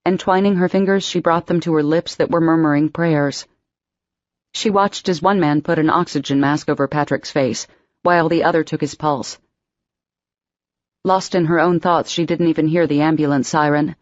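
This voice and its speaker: A woman narrating an audiobook in a steady, expressive storytelling voice. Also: low-pitched, moderate pace, dry recording, muffled recording. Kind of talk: scripted narration.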